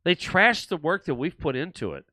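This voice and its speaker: An older man hosts a live political talk show from behind a desk, rambling, frustrated, and circling back with many halting restarts. His bright, forceful voice is a little high with big pitch swings, recorded close and dry with no echo or room sound.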